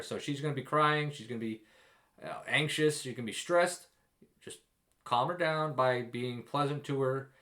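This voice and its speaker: A man's voice: mid-range voice, fairly bright tone. A young man vlogging casual advice to expecting fathers, emphatic and jokey with self-deprecating stories.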